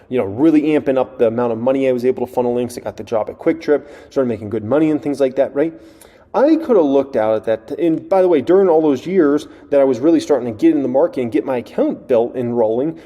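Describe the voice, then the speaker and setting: A man in his thirties hosting an investing talk, lively and emphatic, often mimicking what a worried investor might think. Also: medium pitch. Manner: animated, acts out imagined investors' thoughts. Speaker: investing show host. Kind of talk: casual finance talk. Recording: long hall reverb.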